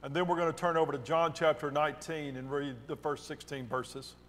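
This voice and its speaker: A pastor's slightly high, steady, somewhat bright voice fills a large hall with slight background noise as he reads scripture a little fast during a worship service. He delivers the quoted speech dramatically, raising his voice with emphasis.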